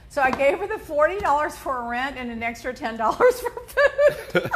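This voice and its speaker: A woman with a high voice hosts a casual talk show. She tells stories from her week in an animated way, laughing often and slipping into the voices of the people she quotes. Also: normal speed, a little hiss or hum. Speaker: host. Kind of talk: chatty personal storytelling.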